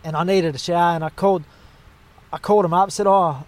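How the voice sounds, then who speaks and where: A young Australian man, originally from the west, spins a rambling anecdote in casual chat. His voice sits a little high, and he strings it along with slang, 'mate' and plenty of fillers. It sounds like a chat in a car. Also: fairly even intonation, brisk. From Western Australia. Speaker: storyteller.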